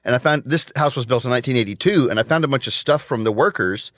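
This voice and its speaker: A man's voice: medium pitch, fast, a bit bright, no room sound, studio quality. A man hosting a casual podcast chat, telling stories and laughing often. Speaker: podcast host.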